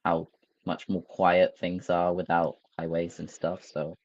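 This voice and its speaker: Man, panelist, joking quips, low voice, muffled lo-fi sound. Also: monotone, unhurried, dry recording. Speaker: discussion panelist. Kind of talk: casual chat. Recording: dull, dry lo-fi mic.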